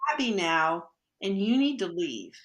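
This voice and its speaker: A woman's voice: fairly low pitch, unhurried. A woman guest on a podcast, telling a personal story in conversation and acting out the lines of the people in it. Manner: lively storyteller who acts out quoted dialogue. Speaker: podcast guest, energy healer. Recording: echoey room.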